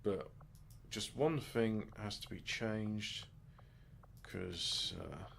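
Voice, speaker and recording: Creaky-voiced man muttering over a game. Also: fairly low pitch, drawn-out words, fairly bright tone, a little hiss or hum. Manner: muttering to himself, crude offhand jokes. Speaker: gamer. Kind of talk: let's play commentary.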